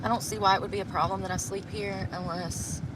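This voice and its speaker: A woman's voice: mid-range voice, fast. A woman, chatting casually and rambling to her live-stream viewers. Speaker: livestream host. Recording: steady car road noise.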